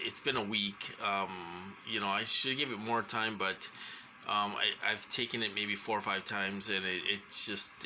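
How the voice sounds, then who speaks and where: Halting man with a very bright voice. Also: on the low side, a little hiss or hum, poor audio. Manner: halting, full of ums and restarts. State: short of breath at times. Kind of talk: rambling personal monologue.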